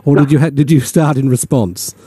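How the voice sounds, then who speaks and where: A man with an Australian accent hosting talkback radio, chatty and animated, slipping into mock voices. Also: mid-range voice, fairly quick, slightly rough, dry recording. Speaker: radio host. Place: radio studio.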